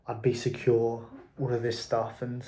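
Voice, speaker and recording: A man's voice: mid-range voice, completely flat delivery, measured pace, mellow. A man, speaking candidly in a reflective personal monologue about his working life. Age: 20s. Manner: candid, frank, occasional swearing. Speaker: entrepreneur vlogger.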